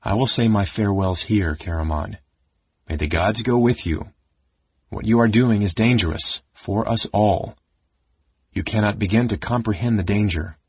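A hushed, grave old mage in red robes who gives orders in a low, soft voice, as a man acts him for an audiobook. The tone is husky and dry, the recording dull. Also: moderate pace, no echo.

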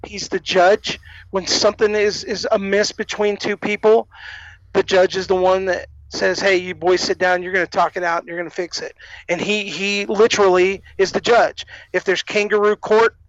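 High-voiced man telling animated stories. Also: normal speed, no echo, dull audio. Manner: animated storyteller who acts out quoted voices. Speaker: wrestling production manager guest. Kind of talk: storytelling anecdotes in a podcast interview.

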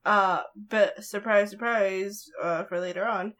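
A woman's voice: mid-range voice, fairly even intonation, unhurried, fairly bright tone. A woman co-hosting a podcast in casual chat, laughing often and hesitating with "uh" and "um". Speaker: podcast co-host.

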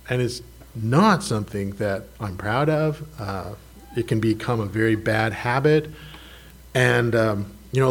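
A man's voice: medium pitch, husky. A man preaching a conversational sermon, asking his listeners questions and speaking frankly about his own faults. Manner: conversational, self-deprecating, asks the congregation questions. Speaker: pastor.

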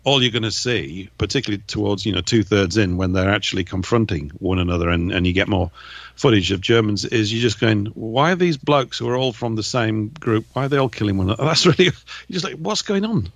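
Gravelly English man, casual radio chat. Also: lowish voice, fast talker, no room sound. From England. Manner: chatty, jokey, drifts into mimicking regional accents. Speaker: co-host.

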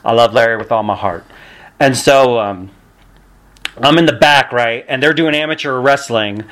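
A man who is a podcast guest and pro wrestler, telling stories in an animated way and acting out the people he quotes. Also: medium pitch, normal speed. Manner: acts out quotes with loud shouts and shifts. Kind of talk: animated storytelling.

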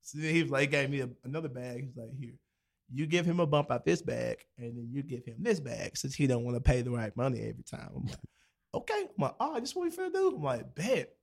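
A man's voice: medium pitch, expressive, fairly quick, creaky. A young man in casual chat, telling a loose, profanity-laced story full of slang and acted-out quotes.

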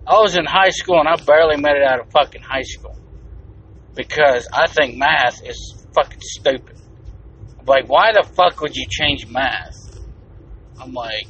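A man's voice: medium pitch, fairly bright tone. Profane, blunt man ranting on a podcast. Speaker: podcast host. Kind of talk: casual solo podcast rant. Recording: distant, dull lo-fi mic with faint noise.

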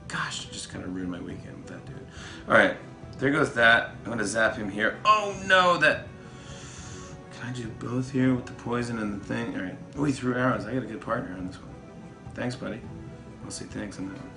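A man giving casual, playful commentary while playing a mobile game, excitable and trash-talking his opponents. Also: lowish voice, a little fast, gravelly, music in the background. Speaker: talk show host.

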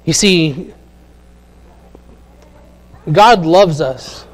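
High-voiced man preaching conversationally. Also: extremely slow. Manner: conversational preaching with frequent fillers and direct questions to the congregation. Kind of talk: sermon.

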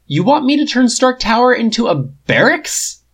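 A man voicing a brash, sarcastic, volatile genius with loud, incredulous outbursts. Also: very high voice, big pitch swings, normal speed, breathy edge, voice pushed up, full character voice. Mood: indignant.

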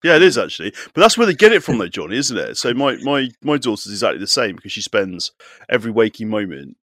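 A man's voice: lowish voice, big pitch swings, fast talker, fairly bright tone, no echo, studio quality. A man in his forties hosting a podcast, upbeat and teasing in casual chat. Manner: upbeat, teasing, prompts others. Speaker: podcast host.

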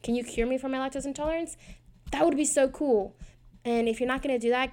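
With a high-pitched, darkish voice, she talks fast while hosting her own casual prayer podcast. She's in her twenties, and her style is rambling and self-mocking, with lots of fillers.

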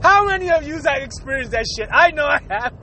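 Giggly high-voiced man telling a crude story. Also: quick pace, a little hiss or hum. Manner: giggly, laughs through his words, crude and animated. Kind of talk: comedic storytelling monologue.

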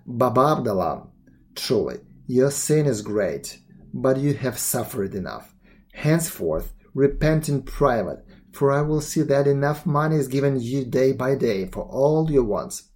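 A man voicing a regal caliph in a storybook reading, pronouncing judgment in a deep, measured tone. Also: very animated, a little mellow. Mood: judicial. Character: regal male caliph, calm and authoritative.

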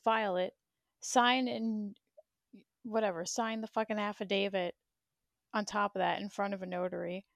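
A woman's voice: mid-range voice, gravelly, dry recording. A woman in her thirties, a bit out of breath, venting bluntly with lots of swearing on a casual livestream. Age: 30s. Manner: blunt, profane storytelling.

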